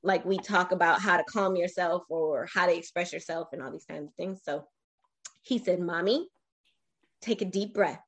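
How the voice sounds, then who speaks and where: A woman in her forties, a podcast interview guest, telling her own life story in an animated, emotional way with frequent restarts. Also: lowish voice, normal speed.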